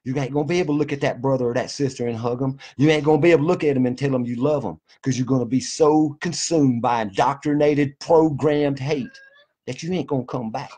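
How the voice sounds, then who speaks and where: A man's voice: medium pitch, quick pace, mellow, breathy edge. A man delivering a fervent, profane, folksy monologue to his viewers. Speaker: vlogger. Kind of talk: impassioned monologue to camera.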